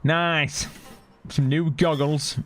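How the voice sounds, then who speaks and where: A man's voice: a little high, fairly even intonation, drawn-out words, fairly bright tone, soft background music. A man commenting casually on his gameplay as a streamer, chatty and sarcastic as he thinks aloud. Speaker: gaming streamer.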